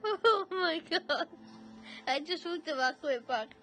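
A woman's voice: very high-pitched, expressive, takes it slowly, pushed and bright, a little hiss or hum. A Scottish woman chatting casually in a home vlog, giggling often and bluntly teasing her dogs. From Scotland. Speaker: vlogger.

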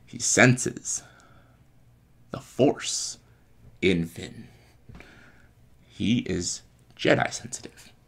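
A young man with a deep, low voice rattles off a movie plot as a comedy bit. He is breathless and swears freely, jumping in with blaster noises and acted-out lines as he goes. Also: extremely slow, gravelly, long pauses, a bit bright, slightly rough. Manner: breathless and profane, acting out lines and sound effects. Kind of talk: excited comedic retelling.

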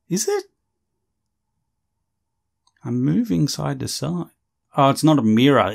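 A man giving loud, sarcastic, swear-filled reaction commentary on a video. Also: a little high, very animated, slow, gravelly, pauses often, husky. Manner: brash, sarcastic, swears constantly.

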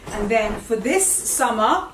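A chatty, enthusiastic woman in middle age, talking to camera from her home and tripping over her own sentences as she corrects herself. Her voice sits a little high and carries an airy room echo, picked up from a step back from the microphone. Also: animated, takes it slowly, fairly bright tone, a little hiss or hum. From Britain. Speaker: fashion vlogger. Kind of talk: casual chat to camera. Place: indoors at home. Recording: roomy, slightly distant home recording.

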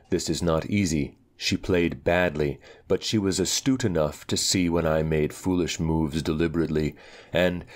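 A man narrating a dark fantasy story in a calm, measured storytelling voice. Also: sits low. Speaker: audiobook narrator. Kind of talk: scripted narration.

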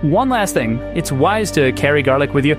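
A man's voice: on the high side, expressive, moderate pace, music in the background, pitched below the performer's own voice. An AI clone of a man's voice playing a drunk old male vampire-hunting doctor in a game, slurred and rambling.

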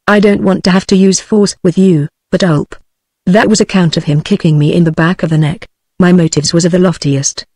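A synthetic woman's voice with a British English accent reads a story aloud in a steady, even way. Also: fairly low pitch, no room sound. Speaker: narrator. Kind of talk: text-to-speech audiobook reading.

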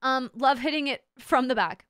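A young woman in her twenties streaming, chatting casually in a rambling, loud way, swearing a lot, laughing and breaking into shouts. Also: high-pitched, normal speed, clean tone, no room sound, studio quality. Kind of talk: casual chat.

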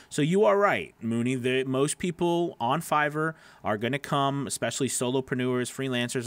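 A man's voice: medium pitch, no room sound. A man, a voice actor, hosting a casual live stream, rambling with lots of fillers and restarts while answering viewer comments by name.

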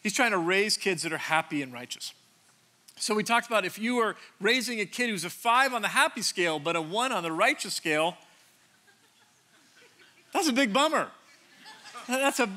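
Bright-voiced pastor man, chatty and joking. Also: high-pitched, lively intonation, moderate pace. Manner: joking, self-deprecating, chatty with restarts. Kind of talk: conversational sermon. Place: church sanctuary stage.

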